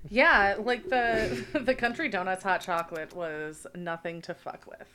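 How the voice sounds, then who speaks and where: Woman podcast cohost teasing her buddy, bright tense voice, faint clicky noise behind. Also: medium pitch. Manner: teasing, quick laughs. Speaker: podcast co-host. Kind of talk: casual chat. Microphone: studio mic with pop shield.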